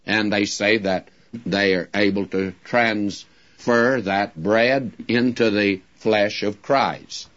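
A man teaching from the Bible in a sermon, deliberately drawing out key words and speaking directly to his listeners. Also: fairly low pitch, fairly bright tone. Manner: addresses listeners directly, folksy asides. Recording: dull lo-fi recording.

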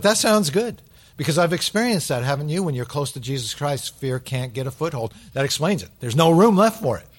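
Guy pastor preaching, gets loud then drops way down quiet, middle-aged. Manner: swings from loud emphatic bursts to hushed low asides. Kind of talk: sermon.

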